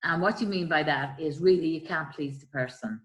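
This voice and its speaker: Earnest woman, lowish voice. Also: normal speed, poor audio. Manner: earnest, acts out quoted voices, trails off softly. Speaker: guest explaining bullying. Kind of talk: explanatory chat.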